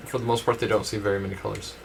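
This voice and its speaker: A man's voice: on the low side, little pitch movement, rapid-fire, creaky, slight background noise. A man playing a tabletop game with friends, musing and thinking aloud. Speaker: player. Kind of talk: casual tabletop game chat.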